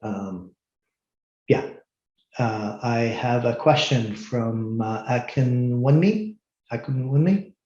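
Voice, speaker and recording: A man's voice: mid-range voice, slow, darkish tone. A middle-aged man, a university instructor holding office hours, talking bluntly and firmly with many ums and restarts. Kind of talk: online office hours talk to students. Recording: roomy, slightly dull sound.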